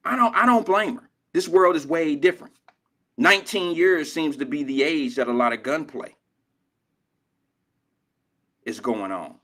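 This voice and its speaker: A man's voice: a little high, pushed and bright. An older man hosting a drive-time radio show, telling stories in casual, profane street slang. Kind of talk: casual talk radio monologue.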